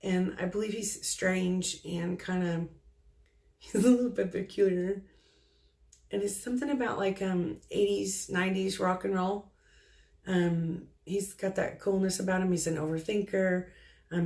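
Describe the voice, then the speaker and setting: A woman psychic medium relaying spirit messages off the cuff, halting and full of ums. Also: fairly low pitch, fairly even intonation, creaky, a little mellow.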